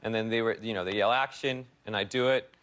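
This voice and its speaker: Young man, actor guest, rambling animated storyteller, laughs often. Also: fairly low pitch, quick pace. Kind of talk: casual interview chat.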